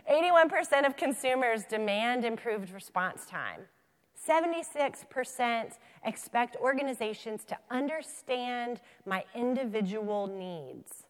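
Keynote woman, 30s, lively storyteller, slightly high pitch, big reverberant hall. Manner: animated storyteller, acts out dialogue. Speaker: keynote speaker. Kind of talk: conference talk with storytelling.

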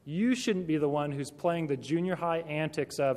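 A man's voice: fairly high pitch, lively intonation, normal speed, darkish tone. A man speaking directly to teachers in a conversational talk, full of rhetorical questions. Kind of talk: talk to Christian educators. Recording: long hall reverb.

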